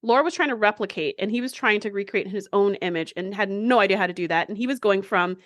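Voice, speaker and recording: Speaking fast at a medium pitch, a woman co-hosts a podcast, casually recapping a TV episode and acting out the characters' lines. The recording is dry, with clean studio sound.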